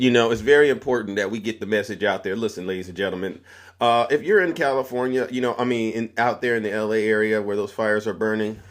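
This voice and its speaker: A man's voice: medium pitch, fairly bright tone. A man hosting a live political commentary stream, ranting in a heated, preachy way and talking straight to his viewers.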